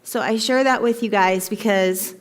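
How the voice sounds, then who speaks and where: A woman telling a heartfelt personal story to her team in an emphatic, animated way, in front of a live audience. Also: mid-range voice, normal speed. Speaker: motivational speaker to her team. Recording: long hall reverb.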